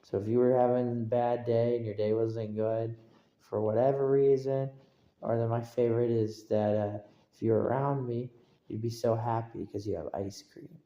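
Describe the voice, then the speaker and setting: A man's voice: mid-range voice, fairly even intonation, normal speed, dark tone, reverberant, lo-fi sound. A man streaming, rambling and repeating himself as he keeps asking listeners if they agree. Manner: rambling, repetitive, asks for agreement. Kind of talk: casual livestream rambling.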